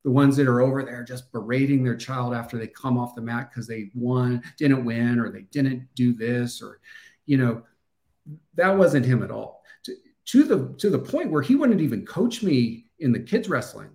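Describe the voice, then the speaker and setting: A middle-aged man with a Midwestern American accent and a gravelly, fry-laced voice at an ordinary pitch. He talks as a podcast guest in a reflective, halting way, starting over and circling back as he thinks. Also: animated, darkish tone. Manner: thoughtful, halting with restarts and fillers. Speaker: podcast guest, former wrestler. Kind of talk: casual interview talk.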